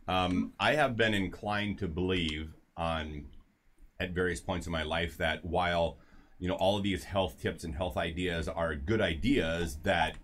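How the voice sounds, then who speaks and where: A man's voice: sits low, measured pace, a bit bright, slight background noise. A man hosting a casual health talk show, telling a story with lots of asides and restarts. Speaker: show host.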